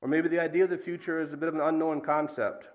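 A man's voice: on the high side, little pitch movement, fast talker, poor audio. A middle-aged man reading a passage of scripture aloud, then giving a plain, conversational devotional talk with a dry aside now and then. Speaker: preacher.

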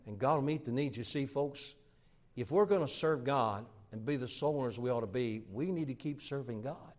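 A middle-aged man, a pastor, telling a story in a sermon and acting out the people he quotes with lively voice changes. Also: mid-range voice, moderate pace.

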